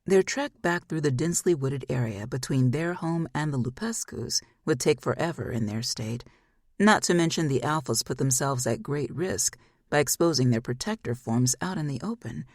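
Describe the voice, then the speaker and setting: Woman narrator, husky voice, dry close sound, fantasy audiobook reading. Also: deep voice, expressive, moderate pace, dry recording. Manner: acts out each character's lines.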